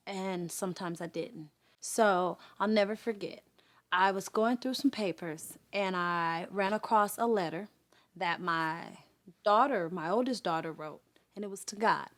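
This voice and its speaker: This earnest guest, a woman in her forties with a lowish voice, tells her testimony haltingly. She leans on fillers as she pauses, and she raises her voice to play out conversations from memory.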